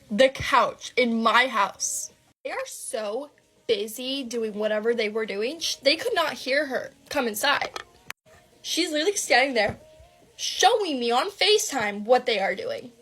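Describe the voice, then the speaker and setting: A woman's voice: a little high, a bit bright. A young woman telling a dramatic personal story in a breathless, gossipy way, swearing freely.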